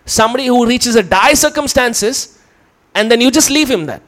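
A man's voice: very high-pitched, expressive, moderate pace, a bit bright. A man preaching a teaching sermon, explaining step by step and putting questions to his listeners.

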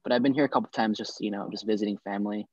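A young man from the Midwest chatting casually, laid-back and quick to laugh. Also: on the low side, fairly even intonation, darkish tone, no echo, highs cut off. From Chicago area, US Midwest. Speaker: grad student interviewee. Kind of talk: casual chat.

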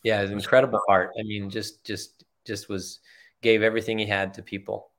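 A man's voice: on the low side, flat delivery, a little fast. Earnest older man telling stories. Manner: earnest, heartfelt, repeats phrases for emphasis. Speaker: podcast guest, retired executive. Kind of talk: conversational storytelling.

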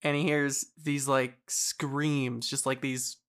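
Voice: medium pitch, little pitch movement, slow, a bit bright. A podcast co-host with a mid-range voice recaps film scenes in casual chat. The reactions are short, wry and blunt.

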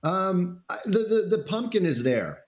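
A man's voice: high-pitched, big pitch swings, a little slow. A man casually reviewing a snack, talking hesitantly with lots of ums and self-deprecating laughs. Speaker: co-host food reviewer. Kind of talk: casual food review chat.

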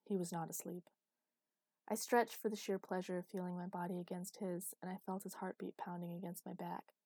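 A woman reading a first-person romance novel aloud, in a steady, intimate storytelling manner. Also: lowish voice, fairly quick, no echo. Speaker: narrator.

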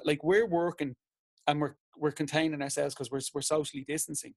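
A man's voice: fairly high pitch, fast, dry recording. An Irish man, a teacher and TV presenter, chatting on a podcast and acting out conversations as he tells stories. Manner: chatty storyteller, acts out exchanges. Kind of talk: casual chat.

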